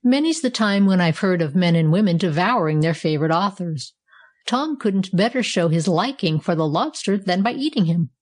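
A woman voicing a calm, composed male fireplace poker in a storybook, explaining things in a matter-of-fact way. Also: mid-range voice, lightly acted.

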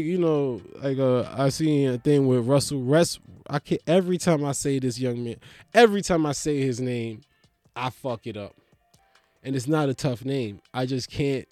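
A man ranting in a profane stand-up comedy style, animated, swinging between mocking voices and loud outbursts. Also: mid-range voice, no echo.

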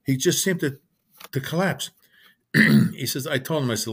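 Older man, storyteller, animated, mid-pitched voice, acts out quotes. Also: normal speed, slightly rough. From Brooklyn, New York. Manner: animated anecdote teller, acts out quoted voices, frequent restarts. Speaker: author guest. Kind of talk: casual storytelling interview.

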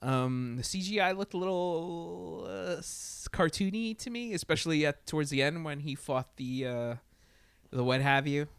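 A man's voice: fairly high pitch, normal speed, vocal fry, clean tone, dry recording. A man chatting casually about a TV show, hesitant, stumbling through restarts as he thinks aloud. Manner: hesitant, many restarts and fillers. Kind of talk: casual review chat.

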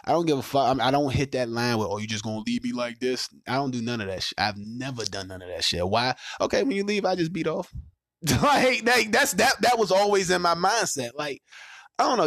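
A man's voice: medium pitch, brisk, no echo, studio quality. Profane, ranting man hosting a podcast. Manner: profane, animated rants, laughs loudly. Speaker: podcast host. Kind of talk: casual podcast chat.

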